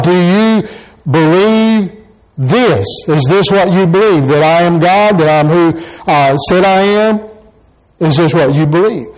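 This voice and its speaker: Rich: A man preaching from the pulpit, his voice sitting a little above the usual for a man. He takes his time, unhurried and measured, and keeps driving home the same questions to his listeners. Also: sits high, a little mellow, poor audio. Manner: repeats rhetorical questions to the congregation. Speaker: pastor. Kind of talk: sermon.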